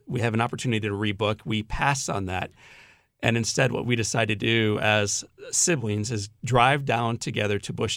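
Gravelly-voiced man interviewing. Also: fairly low pitch, fairly bright tone, no room sound, studio quality. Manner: chatty, teasing storyteller. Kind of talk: conversational interview.

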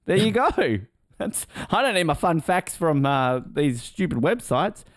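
A man's voice: fairly high pitch, sing-song, measured pace, dry recording, clean studio sound. A man hosting a casual podcast chat, joking and teasing as he reads out fun facts. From Australia. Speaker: podcast host.

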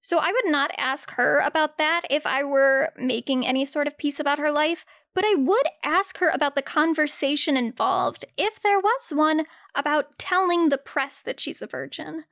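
High-voiced, blunt, sarcastic young woman. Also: fairly bright tone, no room sound, clean studio sound. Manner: blunt and sarcastic, with casual swearing. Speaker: film commentator. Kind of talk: casual commentary.

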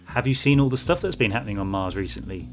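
A man's voice: lowish voice, expressive, fast talker, soft background music. A man hosting a podcast, reading listener messages in an upbeat, teasing way. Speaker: podcast co-host. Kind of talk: casual chat.

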